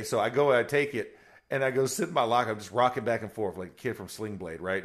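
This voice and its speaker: A middle-aged man, a former football player, telling a story on a podcast in a lively way, acting out quotes and laughing. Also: medium pitch, fast. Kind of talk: animated storytelling.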